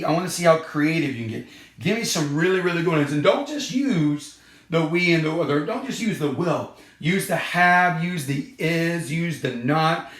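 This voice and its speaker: A man's voice: on the high side, a bit bright. A male third grade teacher giving an online lesson to children and parents, patiently repeating points and stressing key words. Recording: echoey room.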